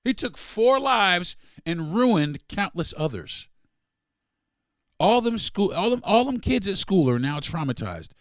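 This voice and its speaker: A man's voice: high voice, very animated, measured pace, dry recording, studio quality. A middle-aged man hosting a solo podcast, ranting angrily with heavy profanity and mocking quotes. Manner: profane, heated, repetitive, mock-quoting others. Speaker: podcast host. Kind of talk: angry solo podcast rant.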